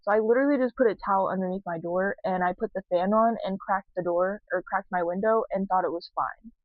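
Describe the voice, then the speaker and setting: A woman's voice: mid-range voice, quick pace, no room sound. Rambling young woman, dull dry audio. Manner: rambling, heavy on "like" and "um", cursing freely. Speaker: vlogger answering viewer questions. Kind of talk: casual confessional chat.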